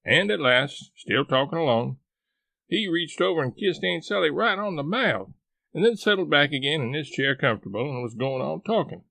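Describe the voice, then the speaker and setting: A man reading a novel aloud, telling it in a folksy dialect with lively storytelling. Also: on the high side, moderate pace, creaky, no room sound. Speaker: audiobook reader. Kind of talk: scripted narration of a novel.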